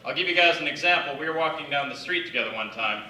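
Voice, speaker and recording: A man from the Yukon doing a conversational, self-deprecating stand-up set on a theatre stage, slipping into quick acted quotes. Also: fairly high pitch, lively intonation, pushed and bright, a little hiss or hum. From Yukon, Canada. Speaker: stand-up comedian. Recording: echoey theatre, mic at a distance.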